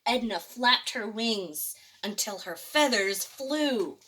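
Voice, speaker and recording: A woman librarian reading a picture book aloud to children, expressive and chuckling. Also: fairly high pitch, takes it slowly, slight background noise. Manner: expressive, chuckling between pages.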